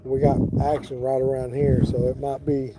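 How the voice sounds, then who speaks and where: Out on a boat on the water, a middle-aged man chats casually on a fishing livestream, laid-back and addressing viewers by name. His mid-range voice is flat and at normal speed, with heavy background noise.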